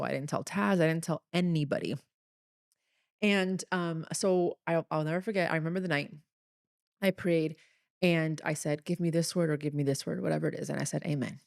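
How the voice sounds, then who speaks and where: A woman's voice: low voice, creaky, no room sound, clean studio sound. A young woman hosting a solo podcast, telling a personal story in an earnest, chatty, confessional way. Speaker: podcast host.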